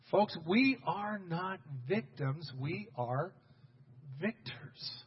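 A pastor delivers an energetic sermon, pushing his words out in emphatic bursts and calling back to the congregation. His voice sits high for a man and has a husky grain. The recording sounds a little muffled and dull. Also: very slow, in a large hall. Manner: emphatic, rising to loud bursts, addressing the congregation directly.

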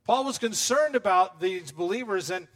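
A man delivering a sermon from the pulpit in a high-pitched voice. He preaches emphatically, repeats his key phrases, and swells louder when quoting scripture. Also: expressive, moderate pace. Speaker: pastor.

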